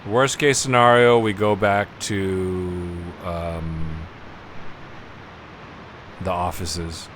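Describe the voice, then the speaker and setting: A deep-voiced man talks through a game on a live stream, chatting loosely and poking fun at himself. He laughs easily at his slips, and faint game music plays under his voice. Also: fairly even intonation, drawn-out words. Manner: self-deprecating, chatty, laughs often. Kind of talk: live gameplay commentary.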